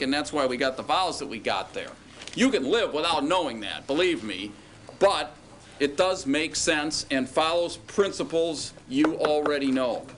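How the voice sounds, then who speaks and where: A man's voice: on the high side, a bit bright, slight background noise. A man teaching a classroom lecture, patiently asking students questions and drawing out words as he explains.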